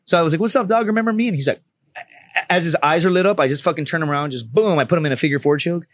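Guy rattling off a crazy story super quick, kinda high voice, swears a lot, dry close mic. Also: no echo. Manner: profane, acts out the people in his stories. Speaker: podcast guest. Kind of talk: animated comedic storytelling.

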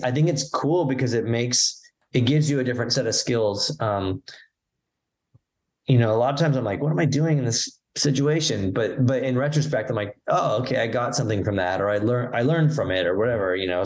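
A man's voice: medium pitch, a little fast, low-quality recording. A man guest telling stories in casual conversation, acting out the people he quotes. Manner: animated storyteller, acts out quoted voices. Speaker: podcast guest, musician. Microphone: video call.

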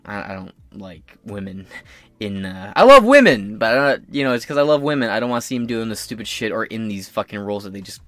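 A man's voice: medium pitch, a bit bright, no echo. Crude, ranting male podcast host. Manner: blunt, crude, heated, mocking. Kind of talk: profane opinion rant.

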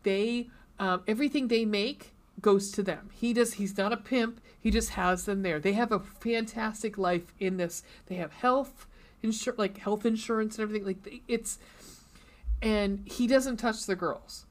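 A woman's voice: mid-range voice, a little slow. A woman co-hosting a podcast, chatting casually and gushing about books, swearing freely. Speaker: podcast co-host.

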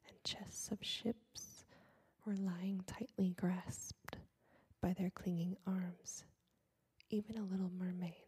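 ASMR storyteller: woman, whispered fairy tale, very breathy, slow, flat delivery. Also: lowish voice, poor audio. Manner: soft unvoiced whisper, slow and even.

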